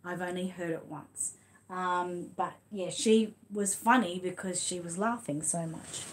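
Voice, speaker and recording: In a dimly lit room at home, an Australian woman with a lowish voice chats unhurriedly to her viewers and a child as host of her channel. She then reads a funny storybook aloud with animated rhythm and braying hee-haw sound effects.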